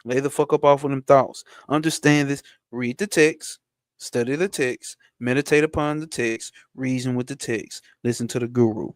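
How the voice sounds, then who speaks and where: A man teaching spirituality. He reads a text aloud slowly and breaks off into blunt, slangy asides with profanity for a live chat. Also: mid-range voice, steady tone, no echo, clean studio sound. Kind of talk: reading a text aloud and commenting on it.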